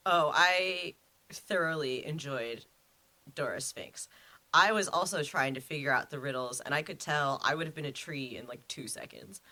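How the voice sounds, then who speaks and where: A woman's voice: low voice, normal speed, sharp tone. A woman co-hosting a casual podcast, talking with lots of "like" and "you know" and laughing. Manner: many "like" and "you know" fillers, giggly. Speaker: podcast co-host.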